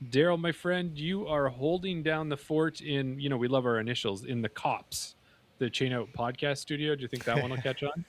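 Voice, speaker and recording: A man's voice: mid-range voice, fairly even intonation, moderate pace. A man from Canada co-hosting a podcast, joking and chatting casually with his co-host. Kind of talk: casual chat.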